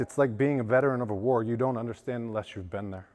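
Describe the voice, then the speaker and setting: A man from western Pennsylvania speaks earnestly at a lunch event, telling his recovery story with halting restarts. His voice cracks with feeling. The sound carries a long reverb from the hall, and his pitch sits in a mid range. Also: darkish tone. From western Pennsylvania, USA. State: voice cracking with emotion. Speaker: guest speaker. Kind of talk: personal recovery testimony speech.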